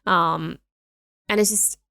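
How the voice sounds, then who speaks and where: A woman's voice: fairly low pitch, fairly even intonation, slow, vocal fry, pushed and bright, no room sound, studio quality. Chatty young woman podcaster. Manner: chatty, laughs easily, lots of filler "like". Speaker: podcast co-host. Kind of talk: casual chat.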